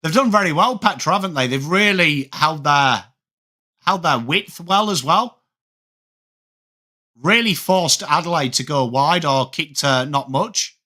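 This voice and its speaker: This English livestream host in his thirties, who speaks with a Yorkshire accent, chats with viewers and responds to their comments during a live sports watchalong. His voice leans high, with a sharp tone and lively intonation, and he speaks unhurriedly.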